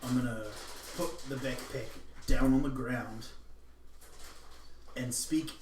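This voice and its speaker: A man's voice: medium pitch, steady tone, slow, slight background noise. A man playing a tabletop game, joking and teasing. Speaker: player. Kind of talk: casual tabletop play. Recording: echoey room, far from mic.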